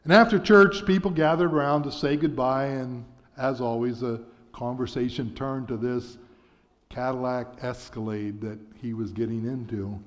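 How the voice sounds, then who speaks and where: A man preaching a sermon, telling a story in an earnest, measured way in a church sanctuary. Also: medium pitch, steady tone. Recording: dull sound with long church reverb.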